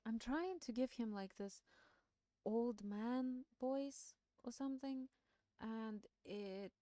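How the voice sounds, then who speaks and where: Mellow-voiced woman, non-native English. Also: on the high side, slow, dry recording. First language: not English. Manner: chatty, laughing, self-deprecating. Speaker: streamer reading aloud. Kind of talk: book reading and casual chat on a live stream.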